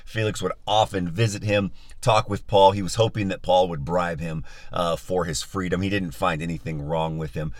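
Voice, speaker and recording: A man's voice: low voice, steady tone, moderate pace, few pauses, dry recording, clean studio sound. A male pastor leading a live-streamed Bible study, upbeat and enthusiastic as he chats with his listeners, on a phone mic.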